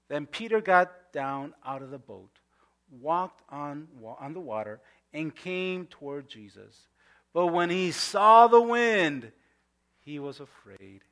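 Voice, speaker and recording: Bright-voiced middle-aged pastor preaching casually. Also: male voice, sits high. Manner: conversational, many asides and restarts. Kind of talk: sermon.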